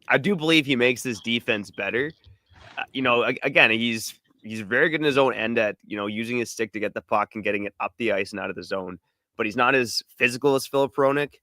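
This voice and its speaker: Bright-voiced man explaining calmly. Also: medium pitch, no echo, clean studio sound. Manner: measured, explanatory. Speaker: podcast co-host. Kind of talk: casual podcast analysis.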